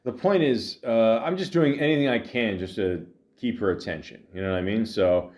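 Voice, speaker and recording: A tired man hosting a podcast, telling a long rambling story with lots of fillers, restarts and deadpan asides. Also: on the low side, normal speed. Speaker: podcast host. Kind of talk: rambling comedic monologue.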